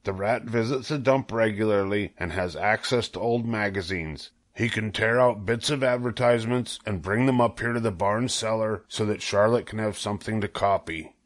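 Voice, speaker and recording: A man reading aloud and voicing a shrewd, sensible old female sheep with a calm, persuasive manner. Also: fairly low pitch, moderate pace, hardly any pauses, natural voice.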